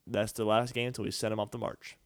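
A man's voice: lowish voice, level tone, quick pace, dry recording. A young man co-hosting a casual sports podcast, joking and talking over his co-host. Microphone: studio podcast mic.

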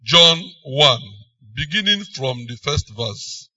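A man with a Nigerian accent preaching a sermon, emphatic, swinging between loud and soft phrases. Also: a little high, animated, a little slow, pauses often, no room sound, recorded from a distance.

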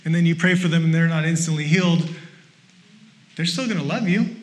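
A man preaching as a pastor. He talks in a lively, conversational way, urges his listeners on with short repeated phrases, and makes joking asides. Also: a little high, a little fast. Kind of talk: sermon.

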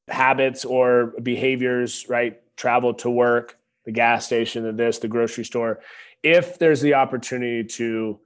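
A man in his thirties tells a heartfelt story in an earnest, preacher-like cadence, calling his listeners y'all. His voice sits at a middle pitch. He speaks as a podcast guest into a studio microphone. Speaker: podcast guest, former linebacker. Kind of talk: reflective storytelling.

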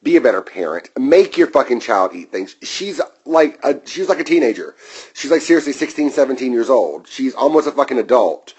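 A man's voice: mid-range voice, big pitch swings, a little fast, a little mellow, breathy edge, rough recording. A man working as a restaurant server, delivering a heated, profanity-laden vlog rant that drifts into side tangents. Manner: wanders off on tangents, then returns.

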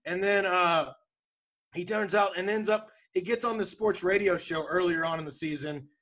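High-voiced man in casual chat. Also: normal speed. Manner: rambling, animated retelling with laughs. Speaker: podcast co-host.

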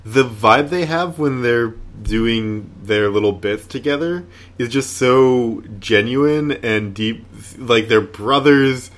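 A man co-hosting a podcast in casual chat, animated, acting out characters' lines. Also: medium pitch, slow. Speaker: podcast co-host. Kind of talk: casual chat about a sitcom.

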